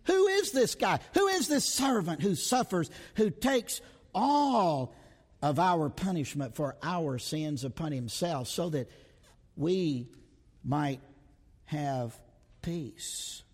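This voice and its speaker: A high, animated male voice preaches slowly and deliberately, asking the same question again and again and drawing out single words. His voice rings with the long reverb of a big hall. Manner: dramatic, repeats rhetorical questions, stretches words, drops to a hush. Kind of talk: expository sermon.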